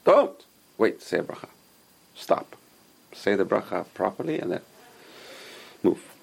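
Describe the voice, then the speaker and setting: A man's voice: low-pitched, animated, a little slow, vocal fry, breathy edge. A man teaching an informal Torah class, explaining Hebrew sources and giving emphatic warnings.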